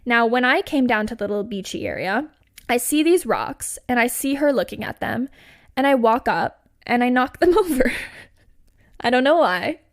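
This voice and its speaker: A woman in her twenties telling a personal story in casual storytime style, chatty and animated, full of "like" and "you know". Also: on the high side, moderate pace. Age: 20s. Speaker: podcast host.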